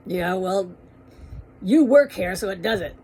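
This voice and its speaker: A woman voicing a furious, blustering middle-aged husband who yells bluntly in a told story. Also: mid-range voice, animated, unhurried, a little hiss or hum. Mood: gruff. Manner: yelling, blunt.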